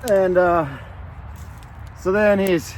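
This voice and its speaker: A man tells a story to the camera in a loose, rambling way, full of swearing and anger. His voice sits a little on the high side. Faint traffic hums outdoors behind him. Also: level tone, extremely slow. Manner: angry, profane and rambling. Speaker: vlogger. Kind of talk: casual storytelling.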